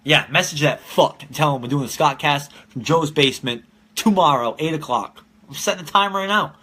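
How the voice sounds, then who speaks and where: A man's voice: on the high side, normal speed, fairly bright tone. A man in his twenties hosting a casual live-streamed podcast from home, telling rambling, profane stories and laughing often. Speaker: podcast host.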